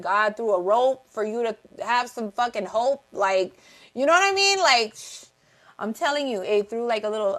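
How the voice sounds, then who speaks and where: A woman giving a casual tarot reading, blunt and profane, repeating herself for emphasis and greeting viewers in the chat. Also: mid-range voice. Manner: talks to live chat viewers. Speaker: tarot reader.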